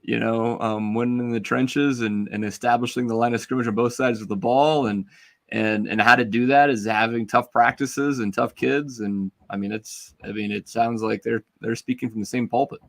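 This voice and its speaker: A man's voice: mid-range voice, fairly even intonation, moderate pace, vocal fry. A man co-hosting a casual sports podcast, agreeable and chuckling. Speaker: podcast co-host.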